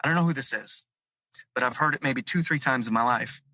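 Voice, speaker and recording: A man from Chicago, a call-in guest, telling a personal story with vivid excitement, his voice climbing high as he relives the fear. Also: a little fast, no room sound, muffled recording.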